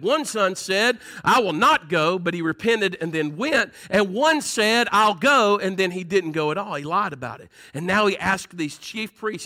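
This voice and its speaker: A man's voice: sits high, pushed and bright. A man with a Southern accent preaching a sermon, folksy and conversational, asking the congregation "Amen?" between points. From Southern United States. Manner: folksy, call-and-response preaching with laughs and "Amen?". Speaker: pastor.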